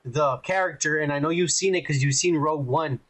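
A man co-hosting a podcast in casual chat, rambling and excitable, swearing often. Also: on the high side, a little fast. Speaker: podcast co-host.

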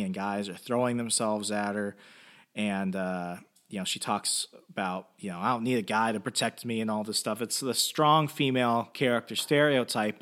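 A man's voice: lowish voice, a bit bright. A man hosting a comic book podcast, retelling and reviewing an issue in a casual, chatty way full of fillers and asides.

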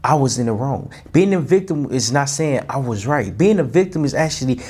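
A man telling a childhood story in a casual, animated way, often restarting and repeating himself. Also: mid-range voice, fairly quick, breathy edge. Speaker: host. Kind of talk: personal storytelling talk.

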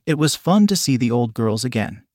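A man voicing a sweet middle-aged mother who talks softly and teases gently. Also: medium pitch, big pitch swings, moderate pace, breathy edge, no room sound, clean studio sound. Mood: gentle.

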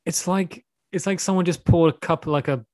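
A man's voice: a little high, moderate pace, darkish tone, no echo. A man from Sweden, hosting a podcast and teasingly quizzing his guest. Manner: teasing, playful quizmaster. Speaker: podcast host. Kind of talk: quiz-style podcast chat.

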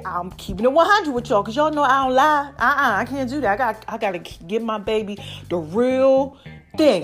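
A woman hosting her podcast in a casual, animated monologue, a little short of breath and calling her listeners baby. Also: on the high side. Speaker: podcast host.

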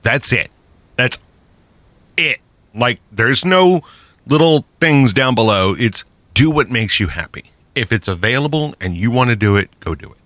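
Male podcast host, profane ranter, laughs a lot; bright tone, dry close sound. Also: mid-range voice, expressive, measured pace, dry recording. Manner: profane, ranting, laughs often. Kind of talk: casual podcast chat.

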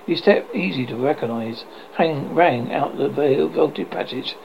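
A man narrating a classic story aloud in a steady reading voice, with occasional small slips. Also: on the high side, unhurried, gravelly. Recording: slightly dull, faint hiss.

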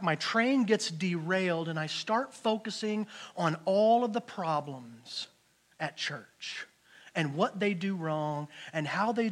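A middle-aged male pastor preaching a sermon, telling stories with big swings from shouting to hushed speech. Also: high-pitched.

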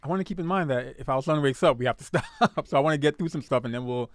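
Brief: young male DJ host, smooth clear voice, dry studio mic, relaxed and joking. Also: mid-range voice, quick pace, no echo. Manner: easygoing, joking, keeps the show moving. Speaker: DJ and podcast host. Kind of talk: casual livestream chat. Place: home studio.

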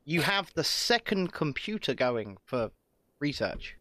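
A man's voice: a little high, sing-song, a little slow, a bit bright, dry recording. A man on a video call, chatting casually and ranting with heavy swearing. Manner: profane, ranting, grows heated and emphatic. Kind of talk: casual online chat.

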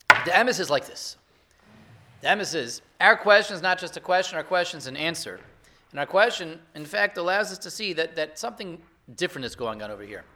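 High-pitched, bright-voiced rabbi giving a sermon. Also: male voice. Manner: rhetorical, builds to excited emphasis. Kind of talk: Torah sermon.

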